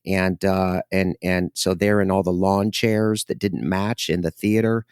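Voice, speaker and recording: A man's voice: low voice, level tone, measured pace, a little mellow, clear, resonant tone, dry recording, studio quality. A middle-aged man co-hosting a podcast, telling rambling anecdotes in casual chat and acting out the quotes. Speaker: podcast co-host.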